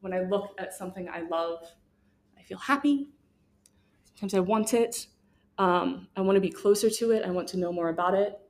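A woman's voice: medium pitch, moderate pace, a little mellow. A young woman giving a casual, earnest faith talk to students, talking freely with many fillers. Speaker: guest speaker.

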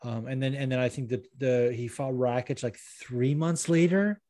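Reading listener questions on his laid-back podcast, a host rambles with plenty of fillers and laughs readily. He speaks at a moderate pace in a warm, medium-pitched voice, and there's no echo.

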